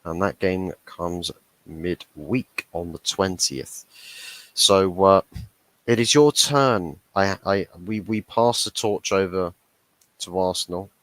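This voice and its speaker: A man's voice: sits low, slow, a bit bright, no echo, low-quality recording. Ranting man reacting to football. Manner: ranting, swearing, mocking the referee. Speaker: football fan channel host. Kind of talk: heated match reaction stream.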